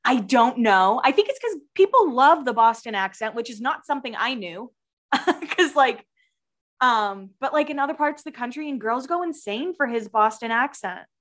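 A woman's voice: fairly high pitch, lively intonation, normal speed, a bit bright. Chatty, laughing woman podcast host. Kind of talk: casual chat.

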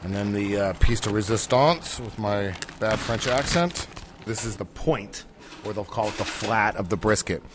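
A man's voice: lowish voice, fairly even intonation, normal speed, noisy background. A man, a chef and cookbook author, giving an enthusiastic cooking demonstration on the radio and often repeating words as he starts a sentence.

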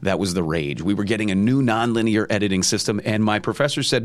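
A man's voice: fairly low pitch, quick pace, no room sound. A man, a former news anchor, chatting as a guest in an interview and telling long stories, often repeating words as he starts a sentence. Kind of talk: casual interview chat.

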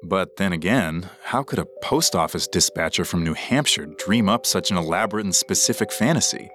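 A man narrating a scripted true story for a podcast in a measured, dramatic way. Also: sits low, animated, fairly bright tone, soft background music.

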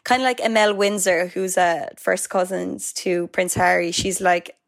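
A woman's voice: fairly low pitch, fairly even intonation, a little slow, gravelly. Chatty woman co-hosting a podcast. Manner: chatty, lots of fillers and asides. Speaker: podcast co-host. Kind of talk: casual chat.

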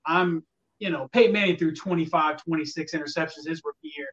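Guy with a high voice venting on a sports podcast, kinda far from the mic, muffled lo-fi sound. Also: fast, fairly bright tone. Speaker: podcast co-host. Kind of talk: casual sports talk.

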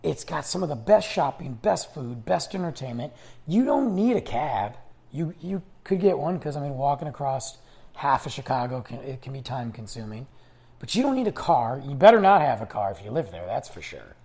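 Gravelly-voiced man hosting a chatty podcast. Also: mid-range voice, very animated, moderate pace, darkish tone. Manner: rambling, chatty, restarts his sentences. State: losing his voice. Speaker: podcast host. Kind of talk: casual solo podcast monologue.

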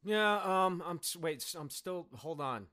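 A young man as a guest in a casual podcast chat, deadpan and joking, with frequent swearing. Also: sits high, measured pace, faint music behind.

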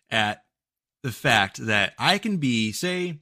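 A man's voice: mid-range voice, sing-song, slow, sharp tone. A man co-hosting a casual podcast, ranting in an exaggerated way and swearing often. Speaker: podcast co-host.

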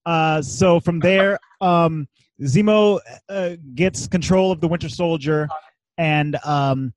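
A man's voice: a little high, slow pace, dry recording. A man co-hosting a podcast, casually recapping a movie plot with chuckles and lots of fillers. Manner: laid-back, chuckling, filler-heavy retelling. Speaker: podcast co-host.

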